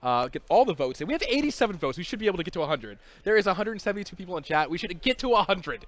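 A young man hosts a game studio livestream, rattling along at a fast clip in a slightly raised voice. He jokes easily and keeps calling out to the chat. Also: sits high. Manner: joking, excitable, talks to chat. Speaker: community host on a game studio stream.

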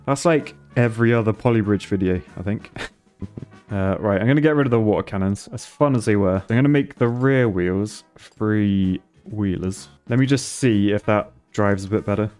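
Man, live gameplay commentary, excitable, laughs a lot, faint music behind. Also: on the low side, moderate pace, clear, resonant tone. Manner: excitable, laughs often, thinks aloud. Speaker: streamer.

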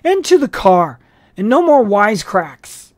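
An audiobook reader voicing a curt male policeman who barks orders loudly. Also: medium pitch, big pitch swings, unhurried, no echo, studio quality, voice pushed up. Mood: commanding. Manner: barking orders.

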